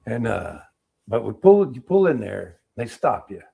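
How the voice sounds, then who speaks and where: A middle-aged man, an Army veteran, telling war-era stories in a casual interview, animated and acting out what people said. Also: mid-range voice, measured pace, gravelly, breathy edge. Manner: animated storyteller, acts out quotes, laughs.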